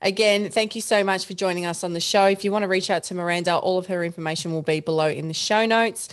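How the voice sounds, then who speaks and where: A woman's voice: lowish voice, fairly even intonation, fast talker. Enthusiastic woman podcast host. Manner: enthusiastic, affirming. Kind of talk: casual podcast chat.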